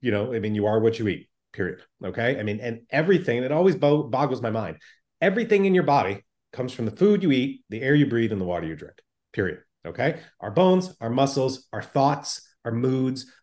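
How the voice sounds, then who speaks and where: A man's voice: mid-range voice, a little mellow. A man speaking as a doctor in an interview, explaining things in an emphatic, plain-spoken way.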